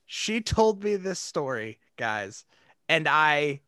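A man's voice: fairly high pitch, slow, clean tone, dry recording. Male host, casual storyteller, laughs as he goes; dry, close sound. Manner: animated, laughs through his own story.

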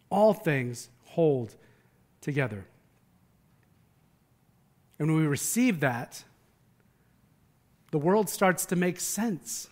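High-voiced man preaching a conversational sermon. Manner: earnest, emphatic, with frequent repeated words. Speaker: pastor.

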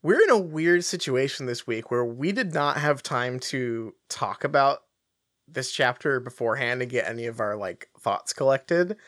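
Man, podcast co-host, casual chat, animated, joking, lively pitch. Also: dry recording, clean studio sound. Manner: animated, jokey, quick laughter.

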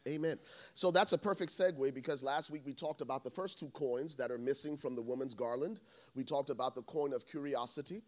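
A man's voice: medium pitch, a little fast. A man preaching as pastor, moving from affirming interjections into teaching scripture. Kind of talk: sermon.

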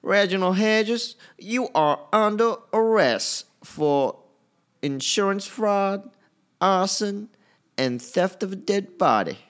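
A man's voice: high-pitched, animated, clear, resonant tone, voice pushed up. A man voicing a stern lawman with a put-on American Southern accent, drawing out every word as he makes an arrest. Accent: American South (West Texas). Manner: slow, drawn-out, stern pronouncement.

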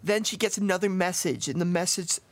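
A man's voice: high-pitched, brisk, noisy background. Podcast guy rambling thru a crime story, lots of uh and like, swears a bunch. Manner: rambling, profane, filler-heavy. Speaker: podcast host. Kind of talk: casual storytelling of a true case.

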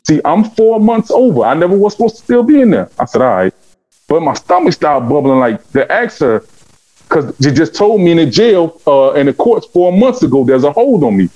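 A man's voice: a little high, sing-song, brisk, warm tone, lo-fi sound. A man telling his life story as an interview guest. He speaks fervently and animatedly, acting out the dialogue with big swings in his voice. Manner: fervent and preaching. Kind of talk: emotional testimony storytelling.

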